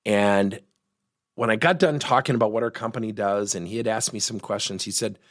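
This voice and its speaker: A middle-aged man hosting a coaching podcast, telling a work story in an animated, personal way. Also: fairly low pitch, a little fast, no room sound, clean studio sound. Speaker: podcast host and workplace coach. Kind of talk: podcast monologue.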